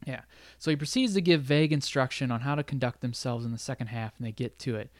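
A man with a medium-pitched voice co-hosts a podcast, casually recapping a film's plot, laughing often and quoting lines in quick bits. The audio is clean studio sound with no room sound.

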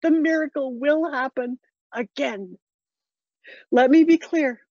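A woman's voice: sits high, slow pace, a little mellow, no echo, lo-fi sound. A woman reading a personal story aloud to a room in a tender, heartfelt way, often close to tears.

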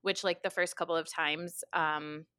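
A young woman in her twenties telling a funny story in casual chat, animated and full of fillers and laughs. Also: low-pitched, a little slow, clean tone, no echo, studio quality. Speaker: podcast co-host.

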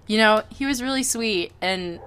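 A woman chatting animatedly on a podcast, quick to laugh and play around. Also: mid-range voice, clean tone. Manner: animated, laughing, puts on voices. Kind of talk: casual chat.

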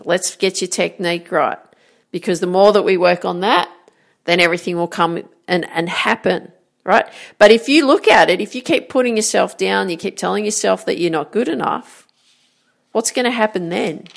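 A woman coaching her listeners through a motivational talk, with a gravelly fry running through her mid-pitched voice. She talks in an encouraging, conversational way, often checking in with a quick question. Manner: encouraging, repeats "right?" and "guess what?". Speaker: golf and life coach.

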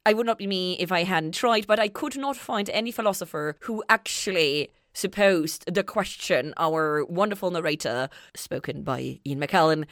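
A woman's voice: fairly low pitch, normal speed, hardly any pauses, fairly bright tone, no echo, studio quality. A woman co-hosting a podcast in casual chat, reading from her notes and laughing often. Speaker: podcast co-host.

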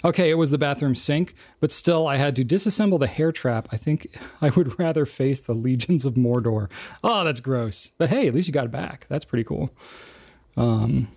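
A man's voice: medium pitch, moderate pace, creaky, a little mellow. A man co-hosting a casual chat, reading viewer comments aloud and joking at himself, laughing often. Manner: jokey, self-deprecating, laughs often. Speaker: co-host.

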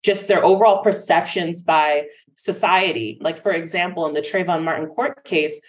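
Earnest woman guest, lower voice. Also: normal speed. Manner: earnest, persuasive. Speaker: guest speech-language pathologist. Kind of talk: conversational interview.

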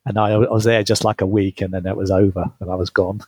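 Brief: low, husky male guest, dry close sound, chatty anecdotes. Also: level tone, fast, darkish tone, no echo. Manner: chatty, laughs often, restarts mid-phrase. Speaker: guest, author. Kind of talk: storytelling interview.

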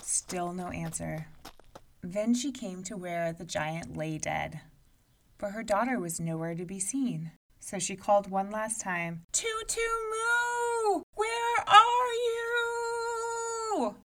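Slow-paced woman reading a story aloud. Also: fairly low pitch, far from the mic, a little hiss or hum. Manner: expressive, measured storytelling. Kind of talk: read-aloud storybook narration.

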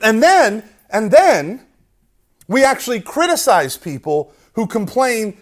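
A man speaks in an animated, conversational preaching style, often checking in with "right?" and acting out quotes. His voice is fairly high and lively, rising and falling widely. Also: slow. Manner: conversational, keeps asking "right?", self-mocking humor, acts out quotes. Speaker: speaker at a Catholic youth talk. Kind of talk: animated preaching talk to an audience.

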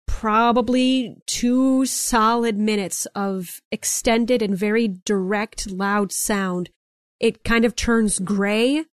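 A woman's voice: medium pitch, dry recording. A young woman runs a tabletop game, walking the players through each scene in loose, descriptive detail. Her voice sits mid-range and is recorded dry and close. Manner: descriptive, hedging with "like" and "kind of". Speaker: game master.

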